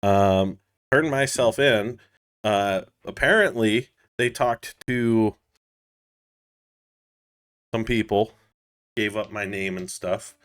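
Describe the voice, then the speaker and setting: A man's voice: on the low side, slow, pauses often, a bit bright. A man playing in a tabletop game, recapping casually in a cocky, sarcastic, profane way. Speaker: player.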